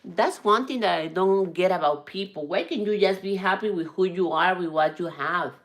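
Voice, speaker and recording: A woman's voice: lowish voice, moderate pace, poor audio. A middle-aged woman hosting a livestream, chatting casually and defiantly as she reads out viewer comments. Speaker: livestream host reading chat. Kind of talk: casual live chat.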